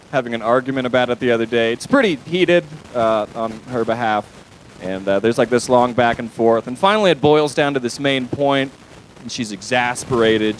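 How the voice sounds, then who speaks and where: A man's voice: medium pitch, a little hiss or hum, low-quality recording. A young man performing a stand-up comedy set on a club stage, talking loosely with lots of fillers and crude asides.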